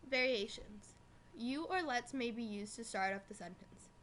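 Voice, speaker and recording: A young woman reading a school presentation from notes, slowing down on the examples. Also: fairly high pitch, a bit bright, slight background noise. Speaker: student presenter.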